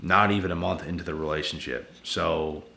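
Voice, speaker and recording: Tired, low-voiced man in an echoey room. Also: normal speed, creaky, sharp tone. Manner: blunt, repetitive, addresses viewers as guys and bro. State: tired and yawning late at night. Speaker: channel host giving relationship advice. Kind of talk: casual vlog monologue. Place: at home indoors.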